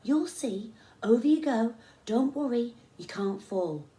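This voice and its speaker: A woman reading the part of a calm, encouraging male climbing instructor, coaxing and reassuring, from a storybook. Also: mid-range voice, a little slow. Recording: echoey room.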